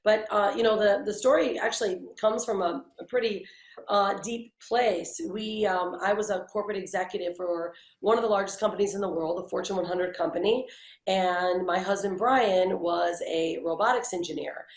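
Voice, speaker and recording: A woman in her forties talks as an interview guest, with a gravelly fry running through her mid-pitched voice. She tells her story conversationally and acts out the voices of the people she quotes. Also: normal speed, echoey room, rough recording. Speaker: interview guest, branding agency founder.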